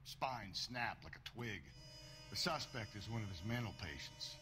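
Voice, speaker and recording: An actor playing a 1940s police officer in a game cutscene, briefing a colleague in a matter-of-fact way. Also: male voice, on the low side, lively intonation, a little slow, over music. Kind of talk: video game cutscene acting.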